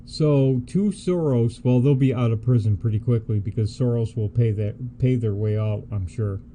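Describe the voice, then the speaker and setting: A man's voice: mid-range voice, normal speed, mellow, slight background noise. A man co-hosting a political livestream, talking in a casual, indignant and scornful way. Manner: indignant, scornful, laughs easily.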